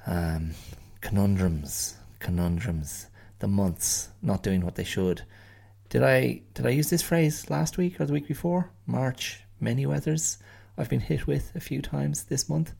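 A man's voice: medium pitch, unhurried, vocal fry, darkish tone, husky. A middle-aged Irish man hosting a solo podcast, musing in a rambling, wry way and often restarting his phrases. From Ireland. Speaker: podcast host.

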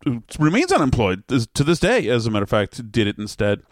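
A man's voice: mid-range voice, wildly swooping pitch, quick pace, dry recording, clean studio sound. A male podcast host talking in casual, sarcastic, teasing banter.

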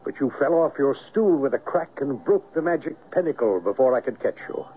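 An actor playing a mysterious, commanding foreign hypnotist in a 1970s radio drama, with a purring, theatrical delivery. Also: male voice, mid-range voice, expressive, a little fast, husky. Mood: sly. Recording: tinny lo-fi radio broadcast.

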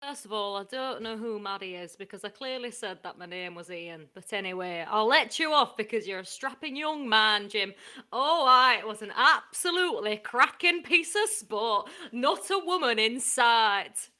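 A blustering old northern boomer sports reporter, played by a woman in an improv comedy game. The put-on northern English accent sits on a bright, forceful voice pitched a touch high, and the rants about the good old days come out gruff and old-fashioned. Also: animated, normal speed. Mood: ranting.

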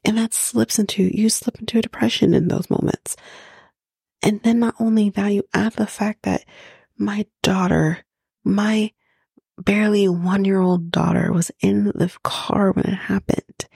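A woman with a gravelly, very husky voice talks slowly on a casual recap podcast, ranting in disbelief and swearing freely. She often sinks into a hushed whisper to make her point. The sound is dry and close. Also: medium pitch, steady tone, dry recording. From Canada. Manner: profane, incredulous ranting; drops into whispers for emphasis. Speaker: podcast host recapping a reality show.

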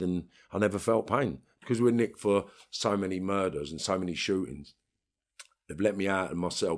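A man with a London accent, talking bluntly and streetwise in an interview, with bursts of swearing. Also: sits low. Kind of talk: storytelling interview.

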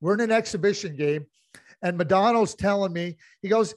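A middle-aged man talks hockey on a podcast, circling back and restarting his sentences as he tells his stories. His voice sits a little high. The sound is dry and close, with no room around it. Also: fairly quick, dry recording. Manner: rambling, many restarts, tells anecdotes. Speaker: podcast co-host. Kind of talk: casual hockey chat.

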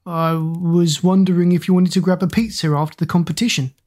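Woman reading as a shy awkward schoolboy, earnest, fairly low voice. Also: fairly even intonation, fairly quick, a little mellow, natural voice.

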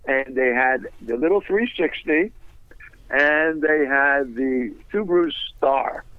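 A man telling a business story in a fast, animated, wisecracking way, laughing at his own punchlines. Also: medium pitch, no echo, phone-quality sound. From United States.

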